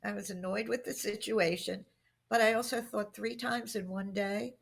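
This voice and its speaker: A middle-aged woman speaks as a podcast interview guest, spinning anecdotes and acting out what people said. Her voice has a gravelly, creaky edge, and her pitch sits in an ordinary middle range. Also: normal speed, a little hiss or hum. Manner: animated anecdotes with acted-out quotes. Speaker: guest expert on workplace communication.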